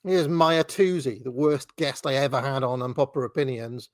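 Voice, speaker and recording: A man's voice: medium pitch, fairly even intonation, normal speed, no echo, clean studio sound. A man hosting a commentary channel, ranting sarcastically about fake news and swearing often.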